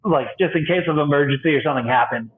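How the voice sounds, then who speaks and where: A young bi-vocational youth pastor, appearing as a podcast guest, chats casually in a fairly high voice at a fast clip. He's an animated storyteller who acts out the voices of the people he quotes and laughs often, all over a tinny, phone-like line.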